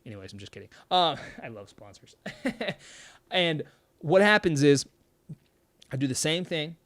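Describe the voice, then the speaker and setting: A man hosting a mental health show, talking casually to his viewers in an energetic, emphatic way and laughing often. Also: on the high side, a little slow, pauses often, no echo. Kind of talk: casual monologue to camera.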